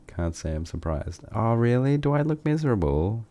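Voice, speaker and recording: A man's voice: mid-range voice, moderate pace, low-quality recording. A man hosting a live cooking stream. He chats casually with his viewers while he cooks in his kitchen and swears now and then. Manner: relaxed, chatty, answers chat while cooking, swears casually. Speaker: livestream cooking host. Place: home kitchen.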